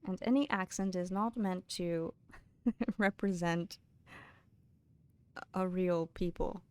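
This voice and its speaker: A British woman streaming a game live, chatting casually with viewers and reading in-game books aloud, laughing often and dropping into soft mutters. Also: fairly low pitch, takes it slowly, clean tone, no echo.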